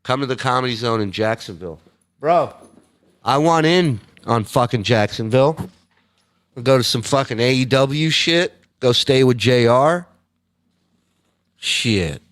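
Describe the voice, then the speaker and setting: A man hosting a casual livestream, reading out viewer messages in a loose, profane way and breaking into loud, high impressions. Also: expressive, measured pace, pauses often, no echo, clean studio sound. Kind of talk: casual chat.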